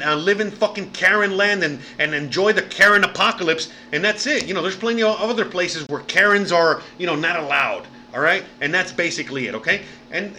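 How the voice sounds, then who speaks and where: A man's voice: sits high, pushed and bright, slight background noise. A man ranting profanely in a reaction video, repeating "you know what I mean" over and over. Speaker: commentator reacting to clips.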